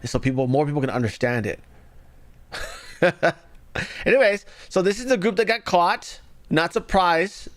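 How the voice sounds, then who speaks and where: A man's voice: a little high, expressive, unhurried, long pauses, fairly bright tone. A man hosting a livestream, giving casual, sarcastic political commentary and mocking the stories he reads. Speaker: livestream news commentary host.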